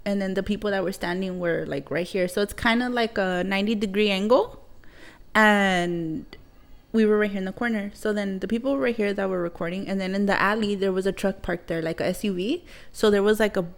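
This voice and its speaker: Young woman on a podcast, cussing a lot, tells the story fast and loud when she quotes people. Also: mid-range voice, creaky. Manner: swears a lot, acts out quotes loudly. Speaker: podcast co-host. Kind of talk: casual storytelling chat.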